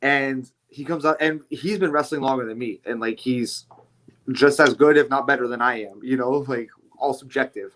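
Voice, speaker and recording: A man who wrestles, chatting as a podcast guest and telling stories in an animated, casual way. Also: mid-range voice, normal speed. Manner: animated storyteller, swears lightly. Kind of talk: casual chat.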